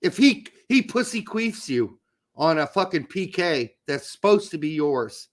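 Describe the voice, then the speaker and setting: A man's voice: on the high side, sing-song, unhurried. A man co-hosting a casual sports podcast, ranting with heavy profanity and sudden explosive outbursts. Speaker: podcast co-host.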